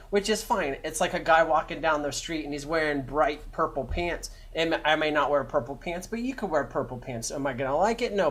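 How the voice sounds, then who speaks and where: A man's voice: on the high side, fairly bright tone. A man co-hosting a casual live chat, blunt and opinionated, swearing freely.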